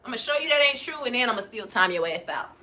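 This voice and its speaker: A woman, hosting a livestream, reading out chat comments and loudly mocking trolls, cursing freely. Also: on the high side, lively intonation, rapid-fire, noisy background. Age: 40s. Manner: loud, profane and mocking, calling out trolls. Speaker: livestream host.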